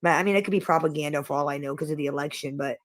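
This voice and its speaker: A woman's voice: deep voice, racing, no echo. Hesitant, chatty middle-aged woman. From Iowa, USA. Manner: hesitant, repeats words, casual and chatty. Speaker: livestream host. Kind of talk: casual livestream chat.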